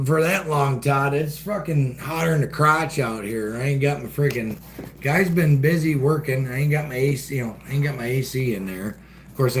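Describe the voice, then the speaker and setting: A man's voice: mid-range voice, slight background noise. Profane folksy man ranting on a livestream. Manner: profane, folksy, rants and reacts to chat. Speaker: livestream host reading chat. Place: outdoor shed with door open.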